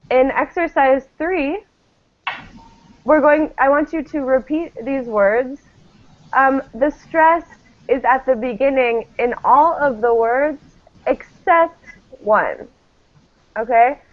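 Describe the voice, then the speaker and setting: A woman teacher leads a classroom pronunciation drill in a slow, patient way. Her voice sits fairly high. The recording is thin and phone-like. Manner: patient, models each word clearly. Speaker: English teacher.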